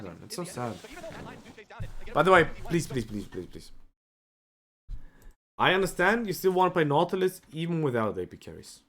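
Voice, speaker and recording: A man reviewing a match as a coach on a live stream, emotional and animated, often tagging his points with "right?". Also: fairly high pitch. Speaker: esports coach.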